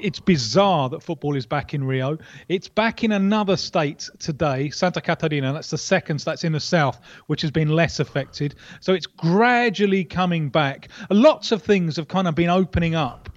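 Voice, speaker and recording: A man reporting down a line as a football correspondent, talking in a wry, animated way with many restarts. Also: fairly high pitch, no room sound, dull audio. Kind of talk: radio interview.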